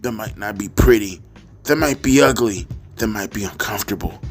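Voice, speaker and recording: A man reading a grandiose male wrestler's speech aloud in a mocking, overblown way that builds to shouts. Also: lowish voice, moderate pace, soft background music, close to an everyday voice. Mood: mock shouting. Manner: mock-dramatic, rising to shouts.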